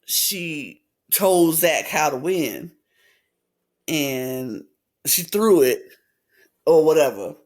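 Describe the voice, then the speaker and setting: A man co-hosting a podcast, chatting casually as he recaps a reality show and acts out quotes in lively voices. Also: extremely slow, long pauses. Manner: animated retelling, acts out quotes with big pitch swings. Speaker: podcast co-host.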